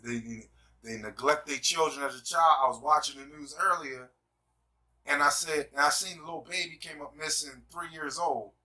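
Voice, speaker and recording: Emphatic man with a very bright voice, distant mic. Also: on the high side, normal speed. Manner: emphatic, repeats "you see what I'm saying". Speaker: host. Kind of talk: casual discussion, preacher-like.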